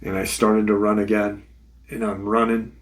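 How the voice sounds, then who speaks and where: A man's voice: fairly low pitch, flat delivery, moderate pace. A man hosting a paranormal channel, casually retelling a witness's encounter in first person, swearing freely and repeating "he said". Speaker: paranormal podcast host.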